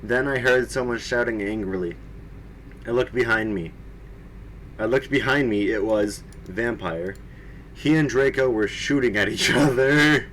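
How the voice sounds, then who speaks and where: A man's voice: medium pitch, measured pace, fairly bright tone, slight background noise. A young man doing a comedic reading of a story, breaking off to mock the writing. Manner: mocking, breaks to laugh and comment. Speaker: reader and commentator. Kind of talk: comedic dramatic reading with commentary.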